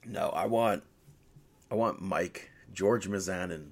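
A man's voice: sits low, breathy edge. Rambling man on a casual podcast. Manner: rambling, halting, laughs often. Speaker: podcast co-host. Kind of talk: casual chat.

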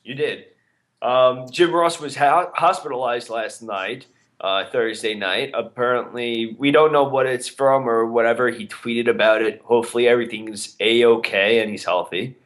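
A man's voice: medium pitch, normal speed, fairly bright tone. A man co-hosting a podcast in casual chat, rambling and hesitant, with many fillers. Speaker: podcast co-host.

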